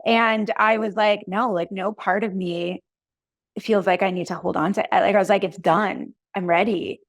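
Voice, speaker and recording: A woman in her thirties, a podcast guest and coach, telling her story in a chatty, animated way full of "like"s. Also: medium pitch, moderate pace, dry recording. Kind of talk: casual conversational interview.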